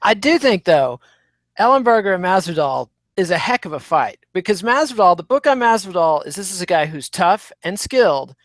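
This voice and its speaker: A man co-hosting a podcast. He talks in a measured, wry, analytical way. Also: sits high, sing-song, fairly bright tone, no room sound. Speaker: podcast co-host. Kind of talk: casual chat.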